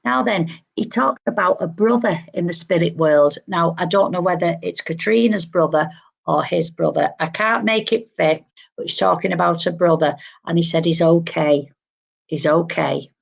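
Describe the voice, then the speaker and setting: A woman's voice: lowish voice, normal speed, gravelly, breathy edge, muffled recording. A woman working as a medium, relaying spirit messages live and acting out what she is told. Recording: livestream.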